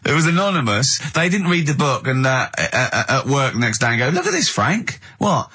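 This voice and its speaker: A man hosting a radio show, bantering with bursts of laughter and shouted outbursts, in a studio. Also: medium pitch, fairly quick. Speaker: radio host.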